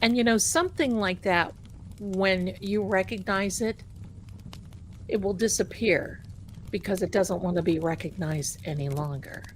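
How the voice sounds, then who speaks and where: A woman with a Boston accent hosting a tarot livestream, talking in a casual, animated and sarcastic way and repeating phrases for emphasis. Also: medium pitch, unhurried, slight background noise.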